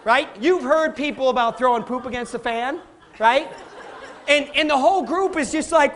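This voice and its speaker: A middle-aged man giving a live motivational talk, energetic and playful, quizzing the audience and laughing often. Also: extremely high pitch, moderate pace, noisy background. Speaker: motivational speaker.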